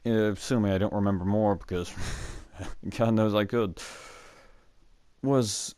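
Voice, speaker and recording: A man's voice: lowish voice, steady tone, a little slow, dark tone, clean tone, dry recording. A young man hosting his own show, telling rambling school stories to the camera with many fillers and chuckles. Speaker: student storyteller, show host. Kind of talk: casual storytelling to camera. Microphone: mic that cuts out.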